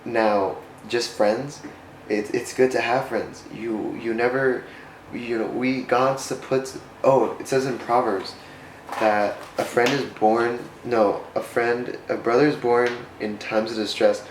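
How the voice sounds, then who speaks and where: An American man gives a casual, faith-based vlog talk, earnest and rambling, often restarting and correcting himself. His mid-range voice is steady and slow. The room echoes, with a little hiss or hum.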